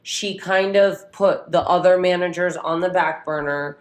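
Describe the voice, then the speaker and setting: A woman with a somewhat low voice co-hosting a casual podcast. She tells stories at length, acting out the lines of the people in them. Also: a little slow. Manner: storytelling, animated retelling with quoted voices. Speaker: podcast co-host. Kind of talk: casual chat.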